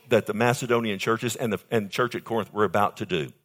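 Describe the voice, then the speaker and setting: An older man preaching a sermon as pastor, calling out to his congregation and stretching key phrases slowly for emphasis. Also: expressive. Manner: emphatic preaching with sudden high pitch jumps and slowed key phrases; calls out to congregation with "amen" and "loved one".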